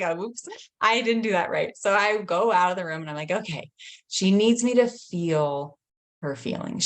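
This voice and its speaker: A woman in her thirties speaks as a somatic healing coach, her voice sitting a little low. She talks in a gentle, reflective way, with soft laughs between her thoughts as she tells a story from home. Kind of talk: casual teaching talk with personal story.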